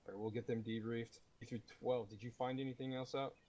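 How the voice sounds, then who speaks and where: A man commanding a military sim unit, leading a mission debrief over game voice chat in a steady, matter-of-fact manner. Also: mid-range voice, fast talker, poor audio. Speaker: commanding officer running the debrief.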